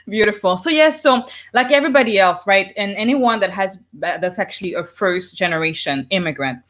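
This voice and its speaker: A woman's voice: mid-range voice, lively intonation, normal speed, fairly bright tone. A woman in her thirties from Canada, talking as an entrepreneur guest on a video call, enthusiastic and keeps asking "right?".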